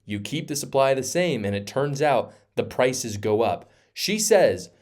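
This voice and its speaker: A man's voice: medium pitch, normal speed, darkish tone. A man hosting a political commentary video, heated and sarcastic, hammering his points with repetition. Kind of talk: opinion commentary vlog.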